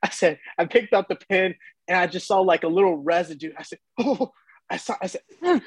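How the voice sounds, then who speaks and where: Young male ballplayer guest, husky and a bit high-pitched, lively storyteller with a dry sound. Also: quick pace, dry recording. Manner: animated, acts out voices in his story, laughs often. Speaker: baseball player guest. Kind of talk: casual storytelling.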